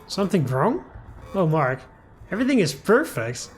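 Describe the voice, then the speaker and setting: Shy polite visual novel girl, read by a man, lively pitch, faint music. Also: normal speed. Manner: polite, hesitant. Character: shy, soft-spoken young woman, unsettled. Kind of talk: reading a visual novel aloud.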